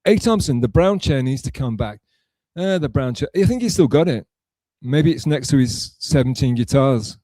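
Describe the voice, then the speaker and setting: A man chats on a live stream, reading out messages and answering them at length. He talks in a rambling, sarcastic way, stumbling and restarting often. His voice is mellow and dark, heard close and dry. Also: mid-range voice, lively intonation, normal speed, no room sound. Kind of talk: casual live-stream chat.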